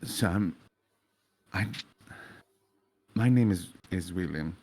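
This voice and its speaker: A man doing a soft-spoken, consoling young man. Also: deep voice, slow, voice pushed down, heavily acted. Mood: gentle consoling. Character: calm, gentle young man comforting a stranger.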